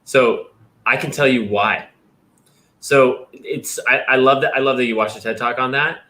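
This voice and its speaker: A young man hosting a livestream, chatting casually and explaining his ideas with lively vocal demonstrations. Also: mid-range voice, moderate pace. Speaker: host.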